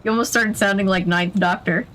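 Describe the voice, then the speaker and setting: A woman's voice: medium pitch, fairly even intonation, fairly quick, fairly bright tone, slight background noise. A woman chatting casually while playing a video game, laughing often. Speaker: podcast co-host. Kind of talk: casual chat while gaming.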